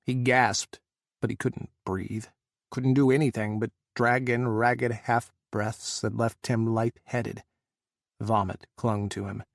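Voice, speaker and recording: A man narrating an audiobook, with slow, dramatic emphasis on emotional passages. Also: fairly low pitch, vocal fry, no room sound, clean studio sound.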